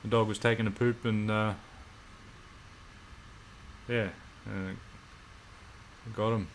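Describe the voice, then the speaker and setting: Laid-back Australian bloke. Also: male voice, on the low side, level tone, slow pace, a little hiss or hum. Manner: laid-back, swears casually. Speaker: livestream co-host. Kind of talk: casual chat on a livestream.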